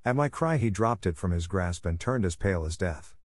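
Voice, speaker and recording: A low-voiced man reads a first-person detective story in a measured, dramatic manner. He pushes hard on the angry exclamations, and the recording is close and dry. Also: animated, no echo. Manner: measured, dramatic storytelling with emphatic quoted outbursts. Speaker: audiobook narrator. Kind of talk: scripted first-person narration.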